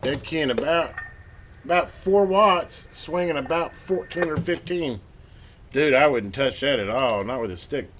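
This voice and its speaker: A man hosting a radio repair video, chatting casually and excitedly to viewers as he tests and works at his home workbench. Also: a little high, measured pace, a little hiss or hum. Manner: excited, rambling, talks to viewers while working. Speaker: radio repair channel host. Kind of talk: casual hands-on workbench narration.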